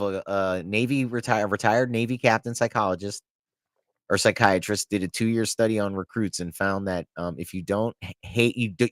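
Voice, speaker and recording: A man's voice: lowish voice, dry recording, studio quality. A man hosting a podcast, a Navy veteran who tells wry anecdotes and acts out both sides of old arguments. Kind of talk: casual chat.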